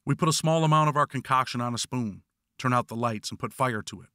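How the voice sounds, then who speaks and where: A man reads his own memoir aloud in a blunt, wry voice, with a bright, forceful tone. The recording is close and dry, with no room echo. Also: medium pitch, fast talker. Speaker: author narrating his memoir. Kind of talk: audiobook memoir narration.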